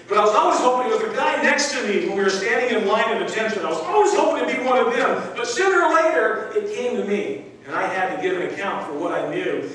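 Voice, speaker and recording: A male pastor preaching a sermon, stressing key words and repeating phrases with pauses. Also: high-pitched, fairly bright tone, distant mic, a little hiss or hum. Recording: echoey room, heard from afar.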